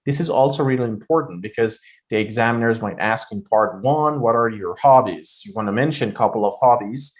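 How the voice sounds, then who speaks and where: A man's voice: on the low side, brisk. A man with a Vietnamese accent teaching pronunciation for an exam, explaining loosely with many fillers. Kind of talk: spoken exam-prep lesson.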